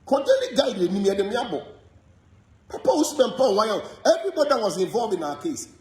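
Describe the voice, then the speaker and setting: Animated Ghanaian man in an echoey room. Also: high voice, brisk, slight background noise. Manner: animated, repetitive, code-switching rant. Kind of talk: heated gossip monologue.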